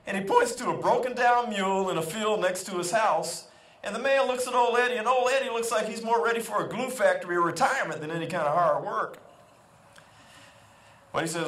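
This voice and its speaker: A man's voice: sits high, lively intonation, normal speed, pauses often, a bit bright. A man in his fifties giving a ceremonial keynote speech to students, exhorting and telling stories with emphatic repetition. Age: 50s. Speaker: keynote speaker. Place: school convocation hall. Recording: echoey hall.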